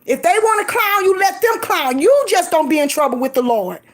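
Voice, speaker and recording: A middle-aged woman vlogging, giving lively, emphatic encouragement in a casual preachy way, laughing often. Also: very high voice, a little fast. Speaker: faith vlogger.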